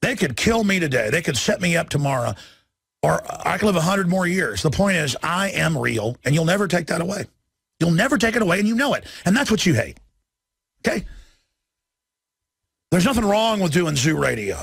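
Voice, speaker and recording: Combative male talk radio host, gravel-heavy, husky, ranting. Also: sits high, very animated, brisk, pauses often, dry recording. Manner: combative, mocking, rising to shouts. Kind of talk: ranting monologue.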